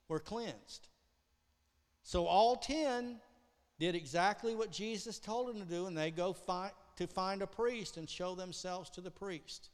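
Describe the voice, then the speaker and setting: A man preaching a sermon, telling a story with great animation, acting out voices and swinging between loud outbursts and hushed lines. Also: high voice, big-room sound. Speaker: pastor.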